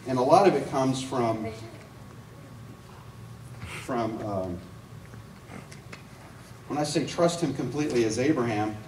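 A man preaching a sermon as an evangelist, telling stories with lively acted-out quotes. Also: mid-range voice, roomy sound, recorded from a distance, a little hiss or hum, rough recording. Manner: animated storytelling with acted-out quotes. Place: church sanctuary.

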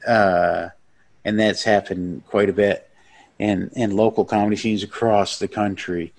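Give me a man with a lowish voice talking bluntly and rambling as a podcast guest. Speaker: stand-up comedian guest. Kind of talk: casual podcast chat.

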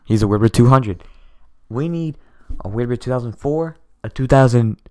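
Excitable young man narrating a game. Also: mid-range voice, normal speed. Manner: excitable, stammering, repeatedly thanking viewers. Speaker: gaming streamer. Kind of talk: excited gameplay commentary.

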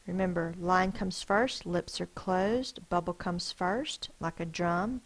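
A woman's voice: lowish voice, slow pace, vocal fry, fairly bright tone, poor audio. A woman teacher giving a spelling lesson, carefully sounding out each word letter by letter.

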